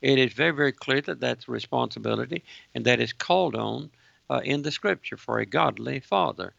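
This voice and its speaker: A man hosting a Christian radio talk show, quoting scripture in a measured, teacherly way. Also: medium pitch, lively intonation, gravelly, fairly bright tone, dry recording. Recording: dull, muffled radio sound, dry.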